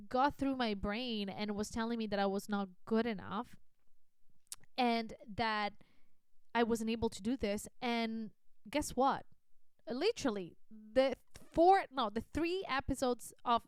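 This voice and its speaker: A woman in her thirties hosts a solo podcast in a candid, self-reflective way, often repeating a word to drive it home. Her voice sits a little high and sounds very clean and crisp. The recording is dry, with no room echo. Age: 30s. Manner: frank and self-reflective, swears casually, repeats herself for emphasis. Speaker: podcast host. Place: at her desk with a computer.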